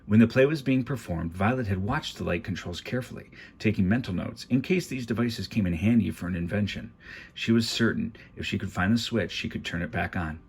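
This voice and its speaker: A man's voice: on the low side, brisk, gravelly, slight background noise. A man reading a children's book aloud at home, with wry, confiding asides to the listener. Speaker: storybook reader. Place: home garage.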